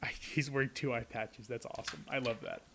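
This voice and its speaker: A man's voice: medium pitch, fairly even intonation, fairly quick, bright, forceful tone, a little hiss or hum. A young adult man reading a picture book aloud to children, adding chatty asides to his young listeners.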